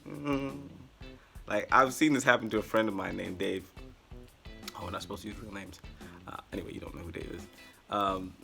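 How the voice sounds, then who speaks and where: Brief: low-pitched man, bright forceful tone, animated rambling storyteller with sarcastic asides, faint music behind. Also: normal speed, gravelly, pauses often. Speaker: vlogger. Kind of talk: casual storytelling.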